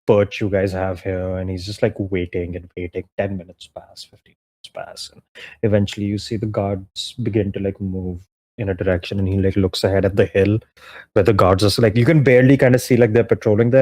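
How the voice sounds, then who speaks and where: A man's voice: on the low side, steady tone, brisk, darkish tone. A young man narrating as game master in a tabletop game, casual and full of fillers, often laughing.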